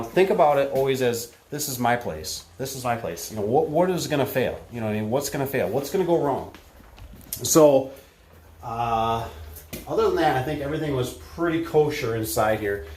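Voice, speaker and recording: A garage door technician with a Midwestern American accent talks through a job in a casual, rambling vlog full of fillers and self-corrections, getting soaked by rain. He starts indoors in a shed, then moves outdoors into the rain. His voice is medium-pitched and a little mellow, and the echoey space carries faint ambient noise.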